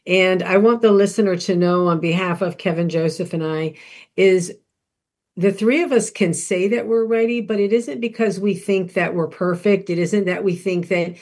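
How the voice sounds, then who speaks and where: A woman co-hosting a Christian podcast who speaks earnestly and directly to the listener. Her voice sits lower than most women's. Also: moderate pace, a little mellow. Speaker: podcast co-host. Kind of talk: Christian podcast devotional talk.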